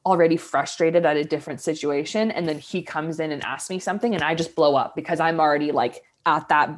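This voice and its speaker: A woman's voice: sits low, fairly quick. A woman co-hosting a casual conversation, talking reflectively and filling her sentences with "like". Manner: reflective, many "like" fillers. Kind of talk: casual chat.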